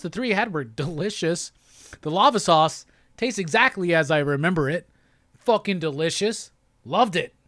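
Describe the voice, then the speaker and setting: A man's voice: high voice, fairly bright tone, no room sound, studio quality. A man hosting a live pop-culture stream, ranting with lots of profanity and exasperation. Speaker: host.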